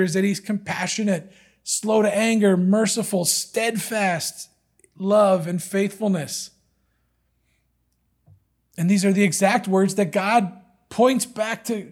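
A man preaching a sermon in an earnest, emphatic way, repeating key words for weight. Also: high voice.

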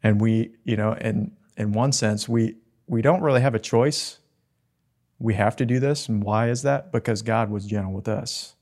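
A man preaching a sermon in an earnest, gentle way, with soft asides. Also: on the low side, normal speed.

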